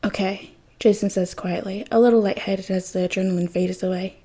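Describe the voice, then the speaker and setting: A woman reading fan fiction aloud in a soft, intimate narration that sometimes drops close to a whisper. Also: mid-range voice, fairly even intonation, a little fast, husky. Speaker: podfic reader.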